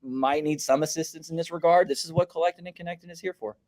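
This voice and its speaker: Male co-host, teasing and dry-humored, slightly high voice. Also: steady tone, fast talker, darkish tone. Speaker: podcast co-host. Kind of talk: casual podcast chat.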